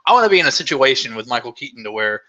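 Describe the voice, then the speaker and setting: A man's voice: medium pitch, big pitch swings, very fast, pushed and bright, lo-fi sound. A man vlogger hosting a live Q&A, chatting casually in a rambling, enthusiastic way with lots of fillers.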